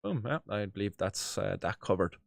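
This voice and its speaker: A man's voice: fairly low pitch, lively intonation, moderate pace, gravelly, dry recording. An Irish man hosting his own show, rambling casually with lots of fillers, restarts and the odd swear word. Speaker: host. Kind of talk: casual commentary.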